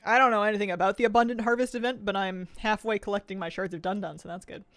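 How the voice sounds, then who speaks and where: A woman's voice: mid-range voice, dry recording. A woman from the United States streaming from home, chatting casually and thinking aloud while she eats and plays a game. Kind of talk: casual live-stream gaming chat.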